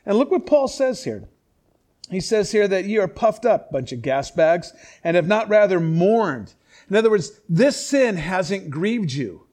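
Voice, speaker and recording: High-voiced man preaching a lively sermon. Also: moderate pace. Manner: conversational, animated, with sarcastic asides and chuckles. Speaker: pastor. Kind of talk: expository sermon.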